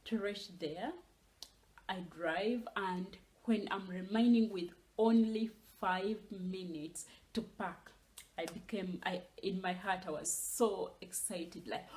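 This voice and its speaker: A young woman telling her own story in a casual vlog, animated and dropping into whispers for asides. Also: medium pitch, slow pace, slight background noise, rough recording. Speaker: vlogger.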